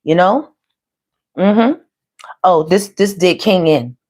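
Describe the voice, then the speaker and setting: A woman's voice: on the low side, takes it slowly, husky. Chatty woman doing a tarot reading. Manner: chatty, animated, slangy, addresses viewers as y'all. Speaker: tarot reader. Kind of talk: casual tarot reading monologue.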